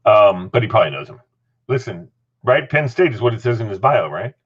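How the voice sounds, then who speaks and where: A man's voice: on the low side, fairly quick, slightly rough, dull audio. A middle-aged man hosting a casual chat, telling a story with lots of laughter and acted-out voices. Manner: animated, laughing, acts out voices. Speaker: host.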